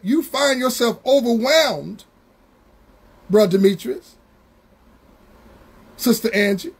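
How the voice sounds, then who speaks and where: Husky high-voiced preacher man. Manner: preaching with slow, drawn-out emphasis and call-outs to congregation members. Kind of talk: Bible study sermon.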